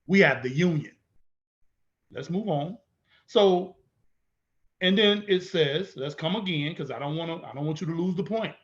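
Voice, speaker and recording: A man's voice: fairly high pitch, moderate pace, pauses often, highs cut off. A man teaching in an emphatic way, repeating his points and asking rhetorical questions. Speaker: instructor. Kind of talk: teaching lecture.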